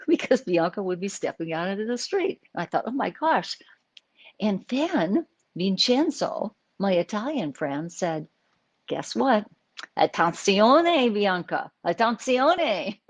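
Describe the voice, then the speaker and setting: A woman's voice: on the low side, no echo. A middle-aged woman psychologist answering viewer questions on a live stream, chatty and explanatory with many fillers and restarts.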